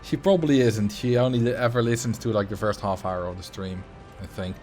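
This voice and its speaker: A man's voice: fairly low pitch, fairly even intonation, brisk, a little mellow, faint music behind. A man in his late twenties hosting a livestream, telling rambling anecdotes in casual chat. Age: late 20s. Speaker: livestream host.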